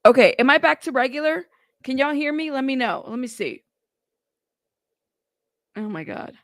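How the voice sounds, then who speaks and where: A woman's voice: high voice, expressive, moderate pace, a bit bright, no echo. A woman from California hosting a casual true crime livestream, chatty and laughing, talking to her chat as y'all.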